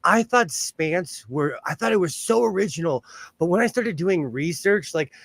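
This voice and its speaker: Chatty Southern Californian man, fairly high. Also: expressive, moderate pace, gravelly, fairly bright tone, no room sound. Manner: chatty, greets viewers by name. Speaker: host of a sewing livestream. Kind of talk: casual livestream chat.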